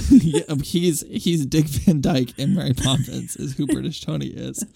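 An animated male podcast co-host tells things in a jokey, dramatic style. His voice is close and dry, with no room sound at all. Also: fairly high pitch, unhurried, gravelly, husky, no room sound. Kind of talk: casual pop-culture chat, reading a listener letter.

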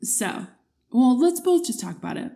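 A woman's voice: sits high, big pitch swings, normal speed, gravelly, mellow. A young woman co-hosting a podcast, talking with gushing enthusiasm in a casual, filler-heavy way. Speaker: podcast co-host.

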